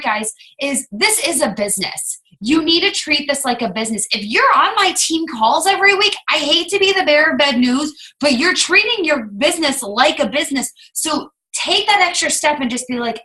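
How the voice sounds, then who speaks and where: A fairly high-pitched woman leads a team call over video, her voice swooping up and down as she talks. She rambles in a chatty, casual way and often drifts off topic. Her tone is bright and forceful. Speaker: team coach leading a business call.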